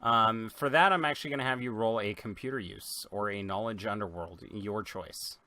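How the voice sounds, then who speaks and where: A man's voice: fairly low pitch, moderate pace, bright, forceful tone. A man as game master, explaining rules and narrating scenes in a tabletop role-playing game.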